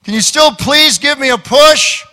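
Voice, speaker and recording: Man doing a drunk man, high squeaky voice, loud, pleading, sermon joke. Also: unhurried, in a large hall, full character voice. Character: staggering drunk man at night, politely pleading.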